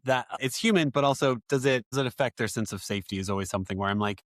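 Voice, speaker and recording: A man's voice: medium pitch, racing, no room sound, studio quality. A man hosting a podcast about fatherhood, talking reflectively and acting out little quoted moments with his kids. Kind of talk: casual podcast conversation.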